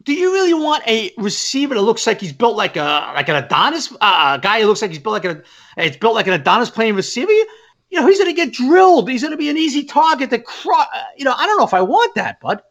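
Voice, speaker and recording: A man co-hosting a podcast in casual sports chat, emphatic and animated, often checking that his point lands. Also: extremely high pitch, fast, muffled recording. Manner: emphatic, animated, keeps asking "you know what I mean". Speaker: podcast co-host.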